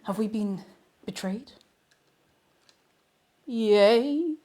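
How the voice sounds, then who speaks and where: Lively chatty woman streaming. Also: on the high side, very slow, very noisy. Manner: chatty, rambling and self-mocking, greets viewers. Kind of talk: casual baking livestream chat. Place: home kitchen. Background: faint music.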